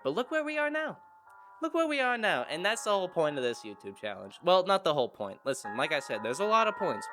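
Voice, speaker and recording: A young man talking casually to camera as a YouTuber, rambling and self-correcting with lots of fillers. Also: a little high. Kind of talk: casual rambling vlog talk. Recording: music playing clearly underneath.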